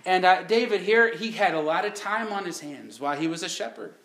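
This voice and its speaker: A man's voice: high voice, lively intonation, brisk, a bit bright, echoey room. A man preaching a sermon, telling the story in a folksy way with rhetorical questions.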